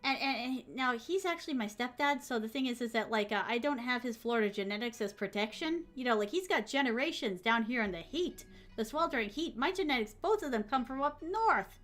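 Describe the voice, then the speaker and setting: A woman's voice: fairly high pitch, lively intonation, fairly quick, hardly any pauses, fairly bright tone. A woman streamer in a bubbly, gushing casual chat who reads out viewer messages and adds Japanese honorifics to names. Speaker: VTuber streamer.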